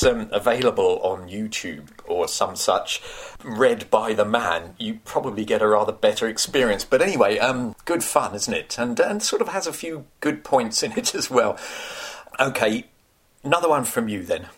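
A man's voice: fairly low pitch, lively intonation, moderate pace, slightly rough. A man from England chatting with fillers and reading comic verse aloud with a rhythmic swing. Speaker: conversation partner running a poetry quiz. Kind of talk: casual chat with poetry readings.

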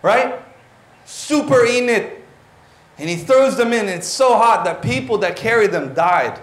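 A man, preaching a lively, exclaiming sermon to his church. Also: high voice, a little slow. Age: 40s. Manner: animated, exclaiming, drops in Tagalog words. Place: church hall. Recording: roomy church hall.

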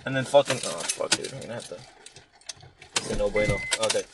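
A man's voice: lowish voice, quick pace, noisy background. A young man hosting a podcast from inside a car in the rain, telling a long, rambling, profane story in a casual chat. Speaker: podcast host.

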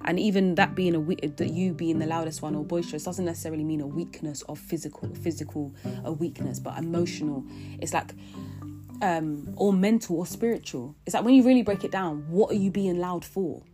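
A young woman vlogger with a fairly low voice talks briskly through her feelings over guitar music. Her reflective monologue is earnest and rambling, full of restarts and fillers.

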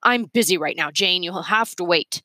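A woman's voice: on the low side, moderate pace, pushed and bright, dry recording. A woman reading a storybook aloud, voicing a greedy man who haggles and grumbles about price. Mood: curt. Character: greedy fussy man, real estate buyer.

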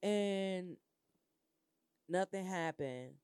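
A slangy, blunt woman with a fairly low voice hosts a loose, casual chat. She laughs between her lines. The recording is dry and close. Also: drawn-out words, a little mellow, clean tone, no room sound.

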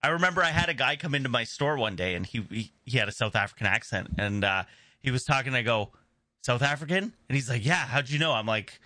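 A man co-hosting a podcast in casual chat, animated and jokey, often laughing. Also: medium pitch, fast talker, dry recording. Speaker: podcast co-host.

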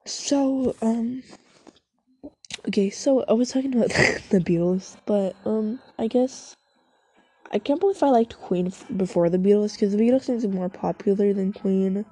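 A woman with a warm, mid-range voice, a bit rough, speaks unhurriedly while browsing online. She vlogs casually, rambling and giggling, swearing freely and cutting herself off mid-thought. Faint music plays behind her.

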